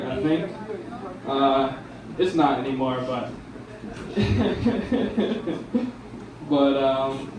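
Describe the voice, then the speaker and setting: A man's voice: a little high, takes it slowly, pauses often, noisy background. A young man doing a rambling, casual stand-up comedy set in a bar lounge. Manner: rambling, casual, lots of ums and dudes. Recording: echoey room from far off.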